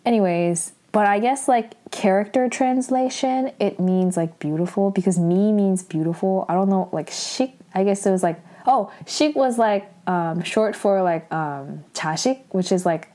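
Chatty young woman with a mellow voice. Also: mid-range voice. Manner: casual, many fillers like "like" and "um"; acts out the characters' lines in quick quoted voices. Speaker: recapping a drama episode. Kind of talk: casual spoken recap.

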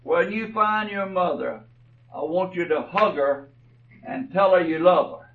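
A man voicing a calm, patient male counselor who gently coaxes a teenager, told as a story within a sermon. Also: high-pitched, unhurried, reverberant, distant mic, phone-quality sound. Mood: coaxing. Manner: gentle, coaxing.

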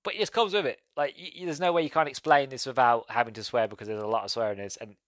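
A man's voice: mid-range voice, racing, fairly bright tone, no echo. Rambling man reviewing films. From Britain. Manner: rambling, laughs often, goes off on tangents. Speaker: podcast host. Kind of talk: casual film review.

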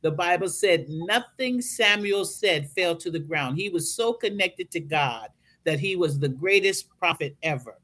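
A woman guest speaker on a podcast, telling a story in an animated preaching style. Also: on the low side, measured pace. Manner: animated storytelling, acts out voices.

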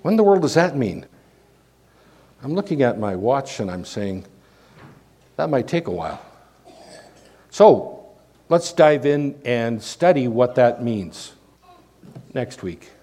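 A man with a Canadian accent, a pastor preaching a sermon full of rhetorical questions and sudden swings in loudness. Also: mid-range voice, sing-song, unhurried, pauses often.

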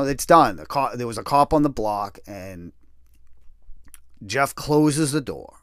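A man telling a story in a casual, profane and animated way. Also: mid-range voice, no echo, clean studio sound. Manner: profane, animated, restless retelling. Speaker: storyteller recounting prison time.

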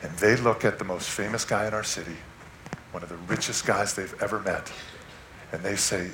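A male preacher telling a story from the pulpit, swinging between loud, animated bursts and hushed passages. His voice is bright and forceful, carried by the echo of a church hall, with faint noise underneath. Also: sits low, moderate pace. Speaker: guest preacher. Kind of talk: sermon with personal story. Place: church sanctuary.

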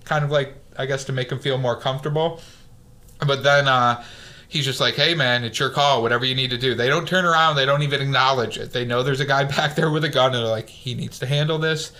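A man's voice: mid-range voice, fairly quick. A man casually recapping a war movie on a podcast, acting out the characters' lines as he goes. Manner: animated storyteller, acts out quotes.

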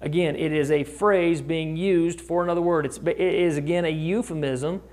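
A man's voice: fairly high pitch, fairly even intonation, moderate pace, a little mellow. A man preaching a conversational sermon, often asking his listeners rhetorical questions. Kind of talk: sermon teaching.

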